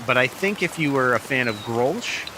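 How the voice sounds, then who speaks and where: Out in pouring rain, a middle-aged vlogger chats offhandedly about a beer, pausing and restarting with hesitation. His mid-range voice is animated, moving at normal speed. A small on-camera mic records it along with loud rain and background noise.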